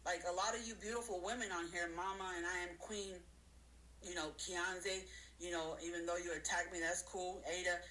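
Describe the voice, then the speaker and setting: A woman giving a casual motivational talk to her audience, counting off her points and acting out other people's voices in high squeals. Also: steady tone, moderate pace, bright, forceful tone, poor audio. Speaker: motivational speaker.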